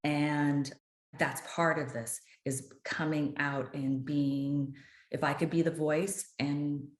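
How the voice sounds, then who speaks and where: A woman's voice: deep voice, flat delivery, takes it slowly. A woman in her late fifties, a guest author talking earnestly and openly in an interview, often restarting her sentences. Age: 50s. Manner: earnest and open, with frequent restarts. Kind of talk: candid interview conversation. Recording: roomy echo.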